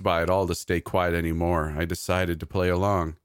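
A man narrating a scripted horror story in a measured, even storytelling delivery. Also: low voice, clear, resonant tone, no echo, clean studio sound.

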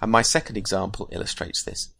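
A man hosting a writing podcast, explaining craft in a measured, scripted teaching monologue. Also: lowish voice, vocal fry, bright, forceful tone, dry recording.

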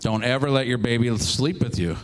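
A man's voice: mid-range voice, brisk, voice pushed down, lightly acted. A man voicing a judgmental parent who lectures others about raising children. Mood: scolding. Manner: scolding, lecturing. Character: judgmental know-it-all parent.

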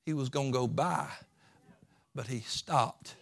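A man preaching a sermon as pastor, folksy, swinging from quiet asides to impassioned pleading. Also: medium pitch, takes it slowly, vocal fry.

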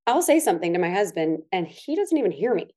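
Middle-aged woman, lowish voice, earnest co-host explaining tips conversationally. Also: very animated, mellow. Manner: earnest, explanatory, slows to stress key words. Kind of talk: casual advice chat.

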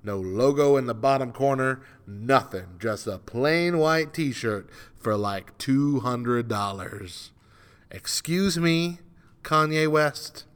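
A man's voice: medium pitch, takes it slowly, few pauses, smooth. A man hosting a solo morning radio show, ranting in an exasperated, self-mocking way, with a dry throat. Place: radio studio.

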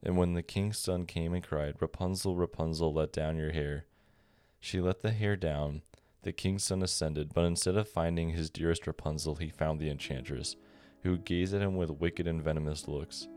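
A man narrating a bedtime fairy tale on a podcast in a calm, measured reading. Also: low voice, dry recording. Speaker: podcast storyteller. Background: soft guitar music.

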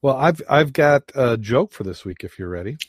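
Give me a hesitant male podcast host with a mid-pitched voice, recorded dry. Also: expressive, breathy edge, no room sound. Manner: halting, hesitant. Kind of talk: casual chat.

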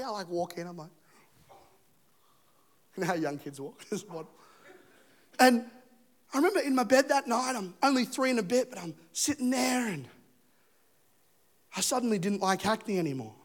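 A man in his thirties from England preaching a sermon as a lively, joking story, acting out scenes and voices. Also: high voice, normal speed, pauses often. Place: church stage.

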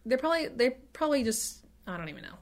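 A woman's voice: a little high, very animated, fast talker. A woman co-hosting a podcast, chatting casually, laughing often and trailing off mid-thought. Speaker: podcast co-host. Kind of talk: casual chat.

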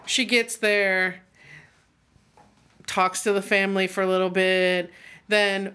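A woman in casual chat, telling a story in an animated way and swearing freely. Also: medium pitch, slow pace, pauses often, smooth.

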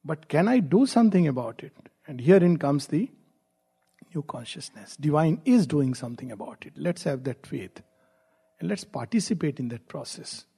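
A man giving a spiritual discourse, reflective and gently humorous, posing rhetorical questions to his listeners. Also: fairly high pitch, sing-song, normal speed, slightly rough. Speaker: spiritual teacher.

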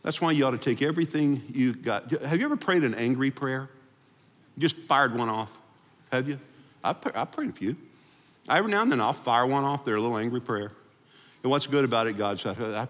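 A man pastor giving a freewheeling, conversational sermon to a congregation, then leading a quiet closing prayer. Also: medium pitch, lively intonation, fairly quick. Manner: freewheeling, conversational preaching that drops to a hushed prayer. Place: church sanctuary before a congregation. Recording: long hall reverb in a church sanctuary.

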